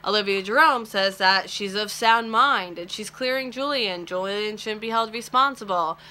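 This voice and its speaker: A young woman recapping a soap opera episode in a chatty, animated vlog, full of "like" and quick asides. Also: mid-range voice. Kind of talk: casual chat.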